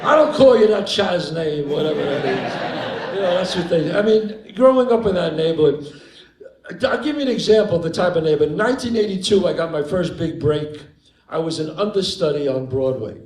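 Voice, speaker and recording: An older man from the Bronx with a New York accent spins an animated tale for a live audience and acts out the characters as he goes. His voice sits a little high for a man, and the stage sound rings around the room. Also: fairly quick. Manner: animated raconteur, acts out the people in his stories. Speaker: guest actor on stage. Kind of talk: live onstage storytelling. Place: theater stage before an audience. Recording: roomy live venue with crowd.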